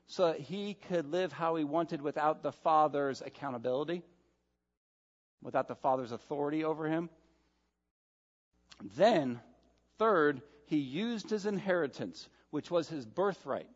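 A male pastor preaching a sermon, emphatic, swinging between loud stresses and soft, quiet asides. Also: fairly high pitch, moderate pace. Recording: dull sound with long hall reverb.

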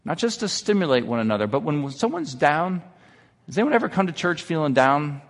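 A pastor in his thirties preaches an earnest sermon in a church sanctuary, moving from personal confession to exhortation. His voice is a little high and sing-song, fairly quick, and sounds as if he is in a large hall.

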